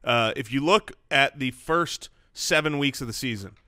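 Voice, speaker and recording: Bright-voiced man giving wry sports analysis. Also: mid-range voice, normal speed, no room sound. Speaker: podcast co-host. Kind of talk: casual sports talk.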